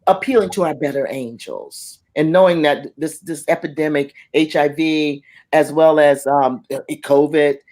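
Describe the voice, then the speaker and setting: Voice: medium pitch, a little slow, a little mellow. A middle-aged arts facilitator speaking on a panel, telling personal stories with passion, acting out the voices they quote and often restarting words. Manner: impassioned, acts out quoted voices, frequent restarts. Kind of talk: panel talk, personal storytelling.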